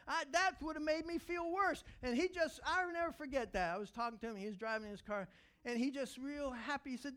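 A man preaching a sermon as pastor, telling animated stories and breaking into loud excited shouts. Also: extremely high pitch, brisk.

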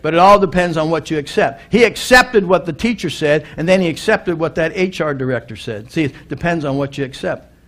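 A man's voice: on the high side, animated, brisk, fairly bright tone. A middle-aged male pastor preaching a sermon, telling a story earnestly and building to emphatic appeals, often restarting and repeating words.

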